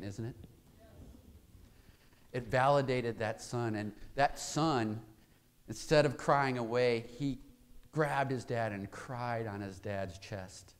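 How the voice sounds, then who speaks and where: A male pastor giving a conversational sermon in a church, telling a story and asking the congregation rhetorical questions. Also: on the low side.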